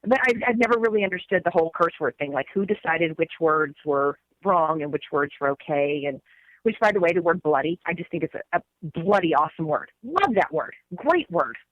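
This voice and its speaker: A middle-aged woman co-hosting a podcast, talking in a relaxed, enthusiastic way and laughing easily. Her voice is recorded dry and close, with no room echo. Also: sits low, fairly quick, lo-fi sound. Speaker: podcast co-host. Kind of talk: casual chat.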